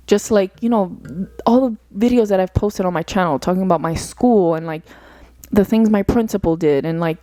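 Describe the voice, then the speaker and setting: A young woman with a mellow, mid-range voice and no room sound hosts a solo podcast. In a reflective monologue, she earnestly rambles through her thoughts, filling them with "like" and "you know."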